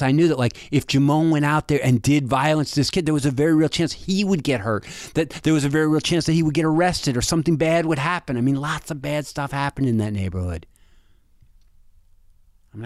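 A man telling a personal story in a halting way, often restarting and repeating words, and often quiet and low. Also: no room sound, studio quality.

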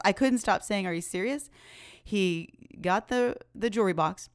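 A woman podcast host telling a personal story in a chatty, animated way, laughing often. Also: medium pitch, moderate pace, clean tone, dry recording, clean studio sound.

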